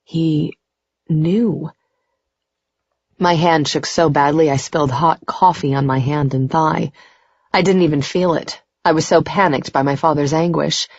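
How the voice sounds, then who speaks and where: A woman's voice: deep voice, fairly even intonation, unhurried, dry recording, dull audio. A woman narrating a first-person romance audiobook in an intimate, emotional way. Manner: intimate, emotional, rising to tearful in dialogue.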